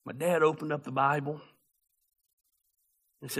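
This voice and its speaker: A man preaching a sermon as a pastor, telling a story in an animated, humorous way. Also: mid-range voice, brisk, breathy edge.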